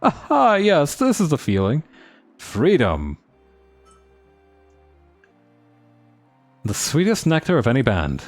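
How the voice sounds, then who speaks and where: A man putting on a high, fancy merchant prince. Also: huge pitch swings, normal speed. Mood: elated. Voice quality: fancy, theatrical. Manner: grandiose, showy. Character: flamboyant pompous male merchant prince.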